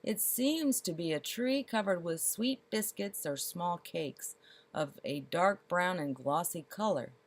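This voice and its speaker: Brief: woman playing a bony, fussy storybook councilor, drawn-out and full of doubt. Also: fairly low pitch, expressive. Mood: pedantic. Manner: slow, wordy and doubtful. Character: thin, doubtful, pedantic male councilor.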